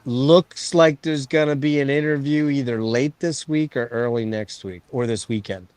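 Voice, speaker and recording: A man hosting a casual stream, telling stories to his friends in an excited, profane way. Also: medium pitch, moderate pace, clean tone. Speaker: stream host. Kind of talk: casual chat storytelling.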